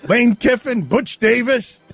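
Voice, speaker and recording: A middle-aged man hosting a sports radio show, riffing fast and breaking into giggles as he banters. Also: extremely high pitch, lively intonation, fairly bright tone, husky, faint music behind.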